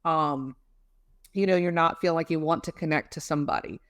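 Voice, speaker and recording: A deep-voiced woman speaks briskly as a guest expert on emotional regulation, explaining emotions casually with lots of fillers and homely images. The audio is studio quality with no echo.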